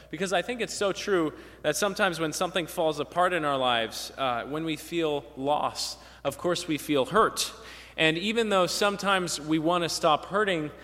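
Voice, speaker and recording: A man preaching a conversational sermon, telling stories in a relaxed way and often checking in with "right?". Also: fairly high pitch. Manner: storytelling, relaxed, frequent "right?" tag questions. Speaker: pastor. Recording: long hall reverb.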